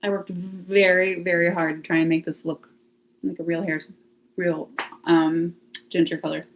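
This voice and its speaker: In an unhurried, lower voice with little pitch movement, a woman hosts a casual livestream. She chats with viewers from her home near the laundry closet, thinking aloud and laughing frequently.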